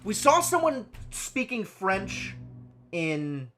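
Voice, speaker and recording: A man's voice: high voice, sing-song, slow pace, a bit bright. A man streaming a game live, thinking aloud and muttering counts to himself as he works through a puzzle. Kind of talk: live gameplay commentary.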